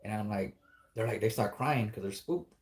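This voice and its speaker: A man's voice: on the low side, moderate pace. A man telling a spooky story in a casual, rambling, profane way, acting out the dialogue as he goes.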